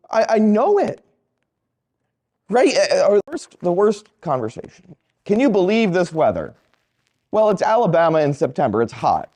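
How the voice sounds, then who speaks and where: Priest, male, delivering a homily; storyteller who swoops through his pitch and does the voices of the people in his anecdotes. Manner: animated storytelling, acting out quoted people. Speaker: Catholic priest.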